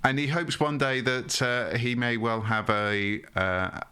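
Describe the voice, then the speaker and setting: A man's voice: medium pitch, fairly even intonation, unhurried, pushed and bright, clean tone. A man co-hosting a comedy podcast, making dry, wry quips with laughs. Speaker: podcast co-host. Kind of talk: casual comedic chat.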